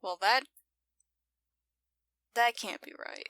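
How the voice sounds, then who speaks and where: A woman's voice: on the high side, very slow, pauses often, bright, forceful tone, no room sound. A woman with an accent giving casual reaction commentary to a TV episode, playfully giggling and talking back to the screen. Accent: non-standard English accent. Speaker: video reactor.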